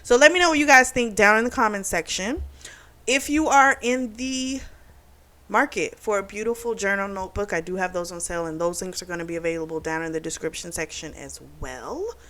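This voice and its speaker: A woman's voice: mid-range voice, fairly quick, a bit bright. A woman reviewing a romance novel in a casual chat, retelling the plot and acting out the characters' lines. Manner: chatty retelling, acts out quotes with "she's like". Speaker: book reviewer.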